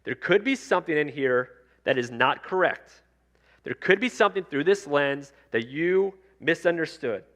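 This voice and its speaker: A man's voice: fairly high pitch, lively intonation, normal speed, fairly bright tone. A male pastor delivering a sermon in a conversational preaching style, circling back to repeated refrains. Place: church sanctuary.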